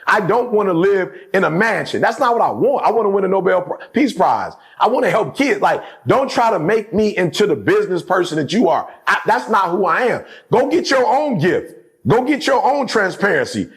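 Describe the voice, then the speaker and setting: Animated, gravelly-voiced middle-aged man. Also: high-pitched, fairly quick. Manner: emphatic, repeats phrases, keeps asking "you know what I'm saying". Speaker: guest speaker. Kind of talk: casual podcast conversation.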